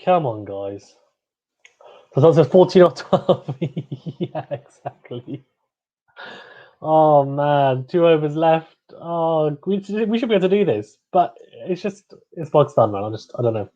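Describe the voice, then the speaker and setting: A young man hosting a cricket watchalong livestream, reacting excitedly, groaning and pleading with each ball. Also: on the high side, a little slow, dull audio. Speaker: livestream host.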